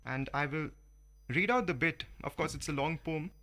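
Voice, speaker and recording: A man hosts a relaxed community radio conversation. His voice is bright and slightly high-pitched. He speaks in an animated, expressive way. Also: normal speed. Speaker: radio host. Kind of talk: casual radio chat.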